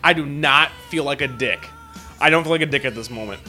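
A man's voice: medium pitch, fairly quick, sharp tone, soft background music. A man co-hosting a casual couple podcast, talking in a profane, rambling, joking way. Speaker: podcast co-host.

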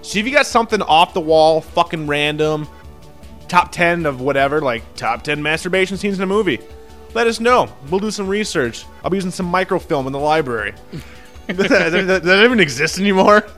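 A man's voice: sits high, animated, brisk, fairly bright tone, faint music behind. A young man co-hosting a casual podcast, rambling with lots of fillers and swearing freely. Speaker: podcast co-host.

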